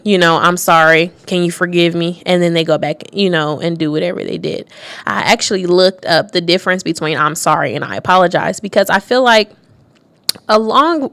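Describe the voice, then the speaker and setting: A woman with a fairly low voice talks through a topic on a radio show, thinking out loud and reading bits from her notes. She pauses on fillers and restarts her sentences. The sound is dry and close, with no room around her. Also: no echo.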